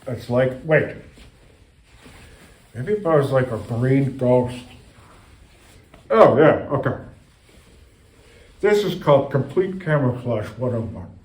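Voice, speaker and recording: A man's voice: medium pitch, sing-song, slow pace, pauses often, a little mellow, distant mic. A man doing goofy improvised comedy sketches in a playful, silly way, saying "okay" a lot. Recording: roomy echo.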